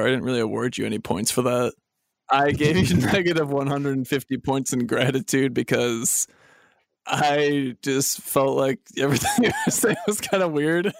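A man's voice: mid-range voice, vocal fry. A man moderating a comedy podcast debate, playful and giggly, drawing out his teasing remarks. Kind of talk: casual comedy podcast chat.

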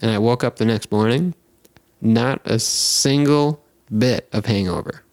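A man's voice: medium pitch, measured pace, darkish tone, dry recording. A young American man hosting a podcast, telling stories in a rambling, jokey way and sometimes slipping into silly voices. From United States. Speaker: podcast host. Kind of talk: casual chat.

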